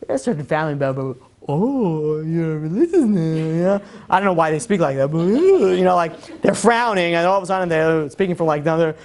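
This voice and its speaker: Fast-talking man teaching a class. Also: a little high. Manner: animated, chatty, full of "you know". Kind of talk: lively lecture to a live group.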